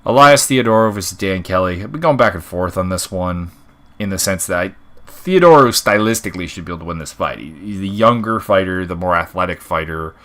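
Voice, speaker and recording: A man's voice: low voice, lively intonation, brisk, a bit bright. A man hosting an MMA predictions show, giving casual unscripted commentary with many fillers and restarts. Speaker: MMA fight predictions host.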